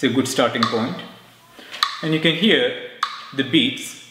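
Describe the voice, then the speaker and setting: A man's voice: medium pitch, measured pace, background noise. Man teaching rhythm. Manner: calm, methodical explaining, chanting rhythm syllables to a metronome. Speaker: music teacher. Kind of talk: rhythm lesson with spoken syllables. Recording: echoey room with clicking metronome.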